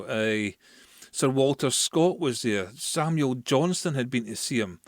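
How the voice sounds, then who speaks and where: A man hosting a podcast, telling a history casually with restarts and fillers, then reading a poem slowly. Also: medium pitch, no room sound, clean studio sound. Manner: chatty, with restarts and fillers, reads verse slowly. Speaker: podcast host. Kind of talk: casual storytelling and poetry reading.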